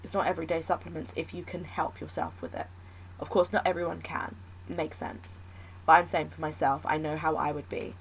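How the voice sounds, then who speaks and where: A woman's voice: low voice, level tone, brisk, a little hiss or hum, poor audio. A woman talking alone in a casual, candid chat, thinking aloud and rambling between points.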